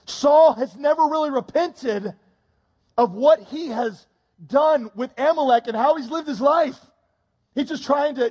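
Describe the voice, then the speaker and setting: High husky-voiced preacher joking. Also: male voice, darkish tone, big-room sound. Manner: joking, with quick comic asides. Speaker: pastor. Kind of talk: sermon.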